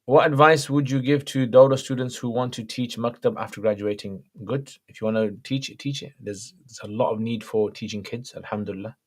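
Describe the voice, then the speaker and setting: On a casual livestream, a man reads viewer questions aloud and answers them plainly, keeping the tone conversational and relaxed. He speaks briskly at a medium pitch, with few pauses.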